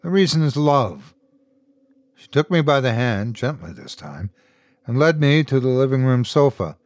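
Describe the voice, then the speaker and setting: A man's voice: mid-range voice, animated, normal speed, darkish tone, no echo. Man narrating a horror story. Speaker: podcast host and narrator.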